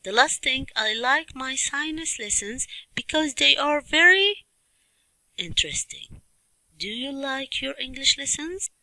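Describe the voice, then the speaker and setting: A woman teaching a children's English lesson, speaking slowly and clearly and repeating questions and word drills. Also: sits high, lively intonation, bright, forceful tone, no room sound, low-quality recording. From Libya. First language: Arabic.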